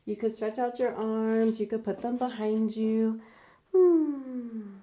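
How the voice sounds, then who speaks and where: A woman with a fairly high voice guides a children's yoga class at an unhurried pace. She is gentle and encouraging, with a playful touch. Her voice rings in a roomy space, picked up on a home webcam. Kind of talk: live online yoga class instruction.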